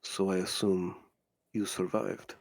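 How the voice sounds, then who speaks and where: A man voicing a cold, imperious male lord who speaks slowly and quietly with quiet menace. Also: sits low, little pitch movement, creaky, dry recording, pitched below the performer's own voice, full character voice. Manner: slow, hushed, menacing.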